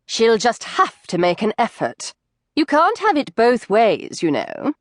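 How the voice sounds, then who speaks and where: A woman's voice: on the high side, huge pitch swings, a little slow, dry recording, clean studio sound. A woman reading the part of a domineering mother who lectures in cold, clipped sentences. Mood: menacing. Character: stern domineering mother, quietly menacing.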